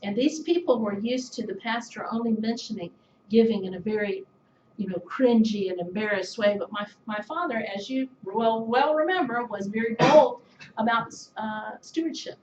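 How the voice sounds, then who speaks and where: A woman's voice: fairly high pitch, moderate pace, darkish tone, a little hiss or hum. Middle-aged woman telling stories in an echoey hall. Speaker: speaker giving a tribute. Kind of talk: anecdotal tribute speech. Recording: echoey, slightly dull room recording.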